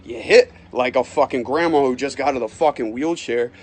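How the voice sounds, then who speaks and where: A man's voice: mid-range voice, brisk. A man, an amateur fighter, making a profane and boastful callout of his rival. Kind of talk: trash-talk callout video.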